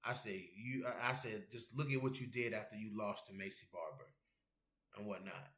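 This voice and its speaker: A man's voice: on the low side, moderate pace, a bit bright, reverberant. A man hosting an MMA show, chatting casually and rambling with viewers, with loose, profane talk. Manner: loose, rambling and profane, reads chat messages aloud. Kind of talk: casual livestream chat with viewers.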